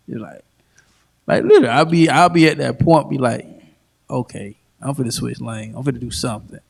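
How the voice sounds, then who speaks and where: A man's voice: medium pitch, moderate pace, gravelly, slightly rough. A man on a podcast talking in a laid-back, reflective way and laughing as he tells of hard times. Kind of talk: casual chat.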